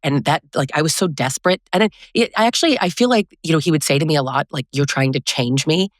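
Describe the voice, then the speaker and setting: A woman's voice: deep voice, lively intonation, fast, dry recording, clean studio sound. A woman in a candid podcast conversation, telling personal stories in a searching way with many filler words.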